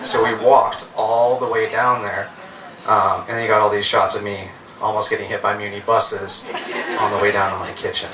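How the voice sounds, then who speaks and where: A man's voice: fairly low pitch, little pitch movement, moderate pace, noisy background. A man in his thirties telling funny, self-mocking stories, casual and profane, at a live stage event. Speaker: storyteller. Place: live stage venue with an audience. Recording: roomy hall, heard from a distance.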